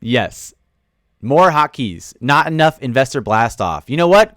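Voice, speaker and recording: A man hosts a casual livestream and reacts to his chat. His voice is smooth and clear, swinging widely up and down in pitch, with jokey asides and loud outbursts. The sound is dry and close to the mic. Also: no echo. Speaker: livestream host. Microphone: studio microphone.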